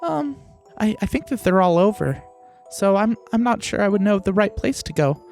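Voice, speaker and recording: A man's voice: sits high, very animated, moderate pace, gravelly, darkish tone, soft background music, pitched above the performer's own voice, full character voice. A man voicing a small, timid young male piglet who stammers and hesitates. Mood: unsure.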